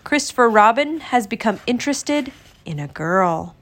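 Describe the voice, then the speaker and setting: A woman voicing a wise, pompous old male owl in a storybook reading, speaking slowly in a lowered voice. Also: lively intonation. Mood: explaining.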